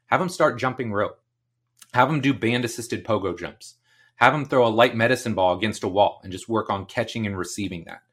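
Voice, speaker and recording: A man's voice: lowish voice, a bit bright. A man hosting a podcast Q&A, answering listener questions in a casual, chatty way and leaning on fillers like "like" and "you know". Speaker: strength coach and podcast host.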